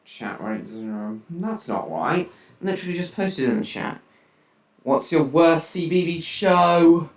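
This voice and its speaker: A man's voice: fairly high pitch, animated, unhurried. Chatty teen boy, roomy distant mic. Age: teens. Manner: chatty, reacting aloud to viewer chat messages. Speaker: live streamer. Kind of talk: casual live-stream chat while gaming.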